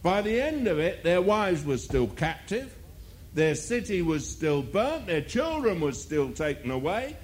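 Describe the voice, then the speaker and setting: A man's voice: sits high, big pitch swings, a little slow, darkish tone. A male preacher delivering a sermon, firing rhetorical questions and mocking asides.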